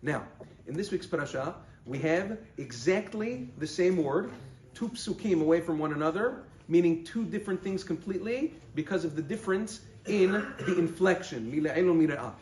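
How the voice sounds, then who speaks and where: Male rabbi, fairly high voice, explanatory teaching manner, roomy echo. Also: lively intonation, a little mellow. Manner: explanatory, stresses words slowly when quoting verses. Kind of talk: halacha lesson.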